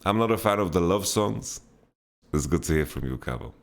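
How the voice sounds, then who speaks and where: A man's voice: low voice, animated, fairly quick. A man hosting a casual Q&A podcast, answering viewer questions bluntly and laughing them off. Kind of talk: casual chat, Q&A.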